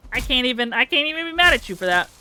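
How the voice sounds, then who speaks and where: Bright, chatty Southern woman streamer. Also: high voice, lively intonation, rapid-fire, slight background noise. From American South. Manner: chatty, giggly, thinks aloud and mutters to herself. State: sleepy. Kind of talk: casual live-stream chat while building.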